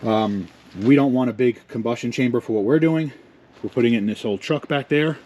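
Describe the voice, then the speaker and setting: A man's voice: mid-range voice, brisk, a little mellow, dull audio, a little hiss or hum. Joking man rambling in his garage. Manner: joking, self-mocking, rambling. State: out of breath. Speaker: channel host. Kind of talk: casual garage vlog. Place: home garage and shed.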